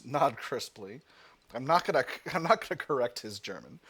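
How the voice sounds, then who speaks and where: Casual game commentator, male, lively pitch, thinks aloud with filler words. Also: moderate pace, husky. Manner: thinks aloud, reads game text aloud with hesitations. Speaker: gaming channel host.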